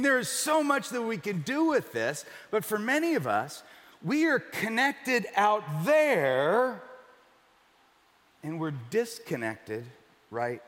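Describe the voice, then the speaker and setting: A middle-aged male pastor preaching a sermon to a church congregation, emphatic, often dropping to a hush for key points. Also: very high voice. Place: large church. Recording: reverberant hall.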